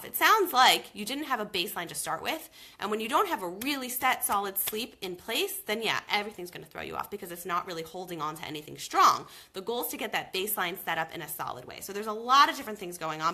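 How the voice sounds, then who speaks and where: Animated, bright-voiced sleep coach woman. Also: mid-range voice. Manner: emphatic, animated advice with lots of "okay?". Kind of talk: live video Q&A, talking to viewers.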